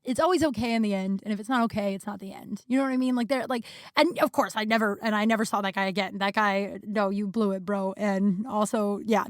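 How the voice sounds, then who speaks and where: A woman's voice: medium pitch, steady tone, fast, no echo, clean studio sound. A young woman hosting a podcast, telling rambling stories in casual chat, with plenty of fillers and swearing. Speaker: podcast host. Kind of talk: casual storytelling monologue.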